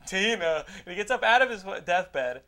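A man with a high voice hosts a loose, casual podcast. He rambles through a profane story, stumbling over restarts and breaking into laughter. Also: big pitch swings, moderate pace, bright, forceful tone. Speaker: podcast host giving a movie recommendation.

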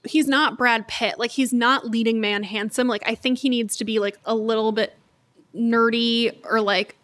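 A woman's voice: a little high, steady tone, moderate pace, fairly bright tone. A woman co-hosting a casual book podcast, thinking aloud with many restarts and fillers. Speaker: podcast co-host.

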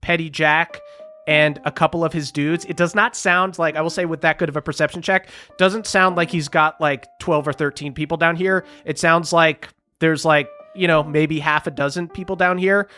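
A man narrating a tabletop game as game master, describing scenes in a relaxed way with lots of "um" and "like". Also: on the high side, moderate pace, faint music behind.

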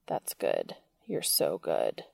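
Commanding young man, quiet and gravelly, read by a woman. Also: deep voice, animated, measured pace, no room sound, full character voice. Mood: low coaxing. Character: dominant young man, tender and teasing.

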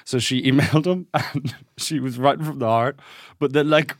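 Relaxed man rambling through a story. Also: medium pitch, no echo, clean studio sound. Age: young adult. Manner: relaxed, halting storyteller with fillers. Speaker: podcast co-host. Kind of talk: casual chat.

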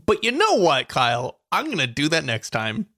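A woman co-hosts a playful podcast chat, laughing easily and swinging her voice up into squeals. Her pitch roams widely as she goes. The recording is close and dry. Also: moderate pace, no room sound. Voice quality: giggly, animated, jumps into high squeals. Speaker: podcast co-host. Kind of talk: casual comedic chat.

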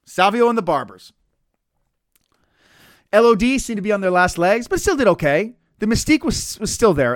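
A man's voice: high voice, fairly bright tone, no echo, studio quality. A man hosting a comedic podcast, talking in a sarcastic, profane, ranting way. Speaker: podcast host.

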